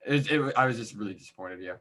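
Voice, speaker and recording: A young man co-hosting a casual podcast chat, laid-back and trailing off quietly at the ends of thoughts. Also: lowish voice, fast. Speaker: podcast co-host.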